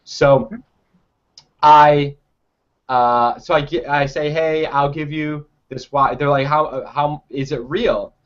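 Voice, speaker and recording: A man's voice: fairly high pitch, steady tone, takes it slowly, highs cut off. A young man telling a personal story in a casual, rambling way, full of fillers and restarts.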